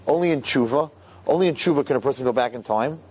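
A man giving an animated sermon, acting out scenes and repeating lines for emphasis. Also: mid-range voice, fast. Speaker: religious speaker.

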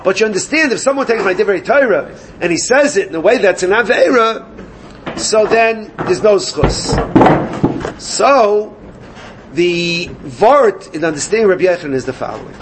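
A man teaching a Gemara class, animated and questioning his students. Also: sits high, a little fast, a little hiss or hum. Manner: animated, questioning students, mixes Yiddish and Hebrew terms. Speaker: Talmud teacher.

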